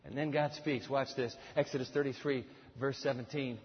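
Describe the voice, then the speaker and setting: A man preaching a sermon in a large church, dramatic, with loud emphasis and hushed drops. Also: medium pitch, normal speed, husky. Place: large church auditorium with a screen. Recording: dull, echoey hall recording.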